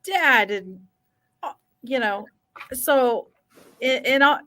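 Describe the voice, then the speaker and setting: A woman hosting a podcast, asking questions in a halting, casual way with repeated words. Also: sits high, expressive, sharp tone. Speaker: podcast host. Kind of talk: casual interview talk.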